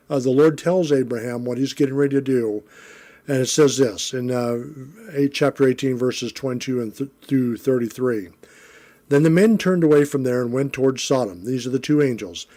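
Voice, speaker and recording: A middle-aged man with a mellow, warm tone teaches a Bible lesson. He moves between reading scripture and explaining it in easy, everyday words. He is relaxed and conversational, often pausing on fillers and correcting himself. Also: medium pitch.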